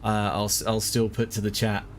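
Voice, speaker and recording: A man's voice: on the low side, completely flat delivery, normal speed, slight background noise. A man casually live-streaming a racing game, greeting chat and joking in a mock-grandiose way.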